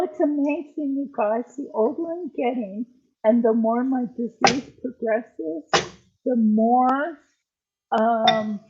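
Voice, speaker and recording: A woman's voice: a little high, narrow, tinny audio, slight background noise. An older woman hosting a live cooking stream from her home kitchen, chatting casually to viewers with lots of ums as she cooks. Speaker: livestream cooking host.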